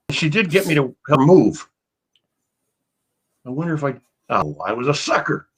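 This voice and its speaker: A man's voice: on the high side, sing-song, takes it slowly, long pauses, breathy edge, poor audio. An older man, an actor, telling rambling, anecdotal stories in a casual interview, with many restarts.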